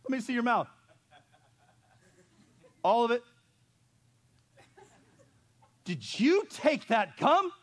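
A man's voice: very high-pitched, sing-song, slow, fairly bright tone, voice pushed up, exaggerated voice. A man voicing a stern, no-nonsense mother who gives short, firm commands. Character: stern no-nonsense mother, middle-aged woman.

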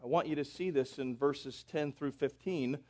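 A man's voice: medium pitch, moderate pace, mellow. A pastor preaching a sermon, talking straight to his congregation and building in intensity.

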